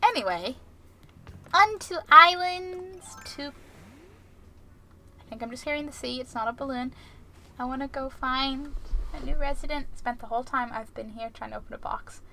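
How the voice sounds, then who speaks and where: Bright playful woman streamer. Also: sits high, moderate pace, vocal fry, long pauses, a little hiss or hum. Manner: playful, punning, chatting with viewers. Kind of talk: casual live-stream chat while gaming.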